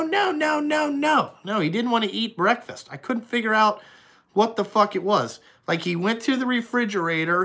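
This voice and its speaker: A man's voice: sits high, a bit bright. A young man, the owner of a trucking company, chatting casually and profanely on a live stream and answering viewers' questions.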